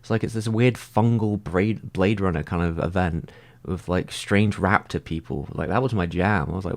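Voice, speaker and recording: A man in a casual livestream, answering viewer comments and thinking out loud, filling his talk with "like" and frequent restarts. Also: low-pitched, moderate pace, few pauses. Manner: rambling, heavy use of "like".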